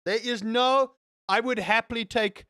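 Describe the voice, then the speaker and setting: A young man streaming and chatting casually with his viewers, rambling and animated with exaggerated exclamations. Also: very high-pitched, measured pace, no room sound, clean studio sound. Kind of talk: casual chat with live chat.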